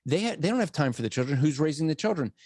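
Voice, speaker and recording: Host guy, kinda high voice, dry close sound, earnest, stops n restarts a lot. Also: expressive, rapid-fire, a little mellow, no echo. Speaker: podcast host. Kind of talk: casual interview chat.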